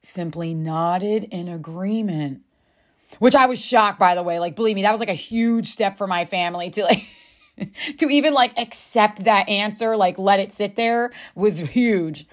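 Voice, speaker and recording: A woman with a voice of ordinary pitch for her sex talks straight to the listener, candid and confiding. She swears freely and keeps calling her audience "friend" as she works through a personal story. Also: unhurried. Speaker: self-help speaker.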